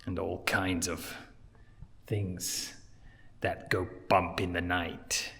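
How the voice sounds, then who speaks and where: A man telling a travel vlog story in a jokey, animated way, now and then dropping to a hush, outside a villa at night. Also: sits low, drawn-out words, creaky, husky. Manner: animated, jokey, drops to hushed tones. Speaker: travel vlogger. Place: villa pool area at night.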